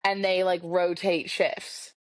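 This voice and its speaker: With a fairly low voice and a slow pace, a woman in her twenties tells a dating story for a podcast she co-hosts. She chats away animatedly and acts out what people said, recorded dry over a video call.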